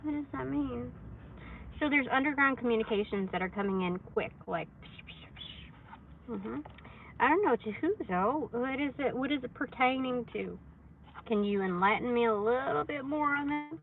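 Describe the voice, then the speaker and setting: A woman's voice: a little high, animated, moderate pace, creaky, phone-quality sound, a little hiss or hum. A woman reading tarot cards on a casual phone livestream, rambling and chatty with lots of fillers, in a hot room. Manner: chatty, rambling, filler-heavy, laughs often.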